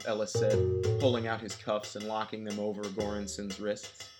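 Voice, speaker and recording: A man narrating a story in a measured, scripted style. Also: fairly low pitch, little pitch movement, over loud music. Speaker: audiobook narrator.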